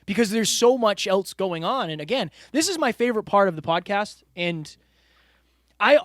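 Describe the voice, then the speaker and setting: A man's voice: high voice, lively intonation, normal speed, fairly bright tone, no room sound, clean studio sound. A man co-hosting a podcast, talking through his year in an earnest, reflective way and speaking straight to the listeners. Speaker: podcast co-host. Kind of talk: casual podcast chat. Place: studio room with a whiteboard.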